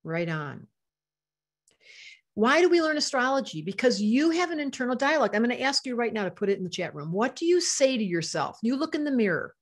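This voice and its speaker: A woman's voice: a little high, big pitch swings, a little fast. An older woman teaching astrology to a live online audience, passionate and emotional, reading out chat comments as she talks.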